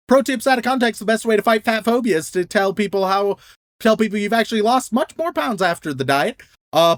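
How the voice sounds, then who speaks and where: A man's voice: high voice, no room sound, clean studio sound. A young man co-hosting a podcast, reading out a list of names in a casual, laughing, stumbling way. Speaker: podcast co-host.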